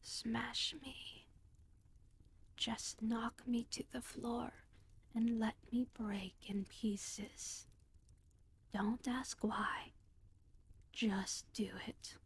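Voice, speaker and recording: A woman voicing a treacherous talking skull in a whispered role-play, speaking quickly and urgently in a soft whisper. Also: on the high side, fairly even intonation, breathy edge, heavily acted.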